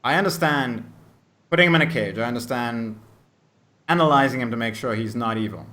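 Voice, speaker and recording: A man running a tabletop role-playing game as game master, narrating and talking with his players in an animated way. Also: mid-range voice, fairly quick. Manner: animated, switches into character voices.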